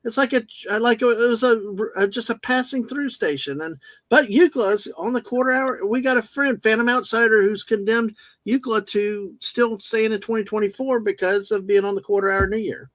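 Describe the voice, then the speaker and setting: A man's voice: high-pitched, normal speed, few pauses, fairly bright tone, no echo. A man co-hosting a casual livestream, rambling and joking as he reads the chat aloud. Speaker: livestream co-host.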